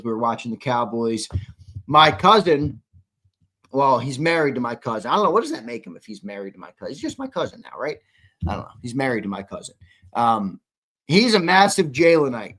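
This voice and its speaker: A man's voice: medium pitch, a bit bright. A man hosting a live sports talk show, chatting casually and reading viewer comments aloud.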